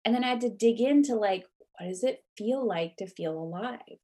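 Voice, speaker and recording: A woman guest author telling a personal story in an interview, earnest and animated, with lots of "like" fillers. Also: mid-range voice, normal speed.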